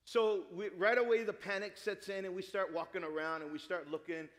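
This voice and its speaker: A middle-aged man preaching a sermon, telling a family story with lively acted-out dialogue. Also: sits high, a little fast. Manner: animated storytelling, acts out dialogue. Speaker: pastor. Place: church sanctuary. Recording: long hall reverb.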